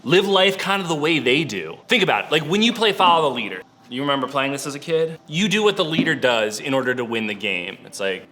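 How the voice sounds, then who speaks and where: A man's voice: on the high side, expressive, fairly quick, bright, forceful tone, soft background music. A young man giving a casual, playful talk to youth as a church speaker, chatty and full of fillers.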